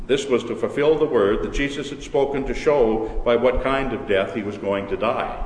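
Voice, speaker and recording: A man reading scripture aloud in a steady, measured way. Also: mid-range voice, a little hiss or hum. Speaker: scripture reader. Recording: echoey reverberant hall.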